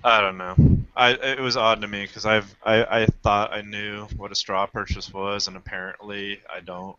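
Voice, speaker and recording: A man recounts his experience in a casual panel chat, speaking low and quite flat. His voice is clear and bright. The close, dry recording has dull, lo-fi sound. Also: normal speed.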